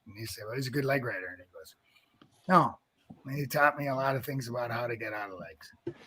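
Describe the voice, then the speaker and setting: A man's voice: mid-range voice, brisk. A middle-aged man, a wrestling coach, casually telling a story and acting out the voices in it, laughing often. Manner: animated storyteller, acts out quotes, laughs often.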